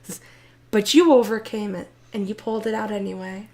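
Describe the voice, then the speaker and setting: A woman's voice: mid-range voice, fairly even intonation, a little fast, a little mellow, natural voice. A woman voicing a bossy but affectionate female judge in a tabletop game, with a teasing tone. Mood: fond.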